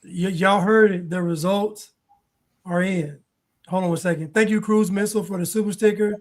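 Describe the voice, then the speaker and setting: A man's voice: high-pitched, steady tone, moderate pace. A man hosting a livestream talk show, making emphatic, preachy points and repeating them. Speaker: show host. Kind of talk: livestream commentary.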